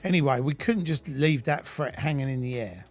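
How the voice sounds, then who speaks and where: A man's voice: mid-range voice, moderate pace, soft background music. A middle-aged British man reading his own memoir aloud, blunt and full of swearing. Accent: British English. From United Kingdom. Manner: blunt, heavily profane storytelling. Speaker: narrator of his own life story.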